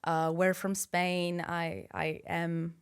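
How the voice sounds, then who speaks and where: Chatty young woman, low-pitched. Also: flat delivery, slow pace, smooth. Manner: chatty, laughs often, many fillers and restarts. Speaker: guest. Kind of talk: casual interview chat.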